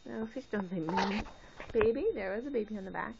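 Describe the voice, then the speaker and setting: A young mother patiently prompting her toddler through a picture book, with slow sing-song cues and encouraging praise. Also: mid-range voice, vocal fry. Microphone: phone. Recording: muffled phone audio with faint hiss.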